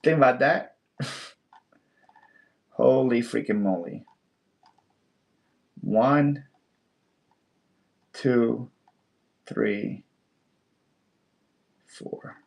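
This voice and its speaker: A man hosting a casual livestream sale, playful and quick to laugh, often stammering and repeating words. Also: medium pitch, gravelly, darkish tone. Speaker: live online seller host.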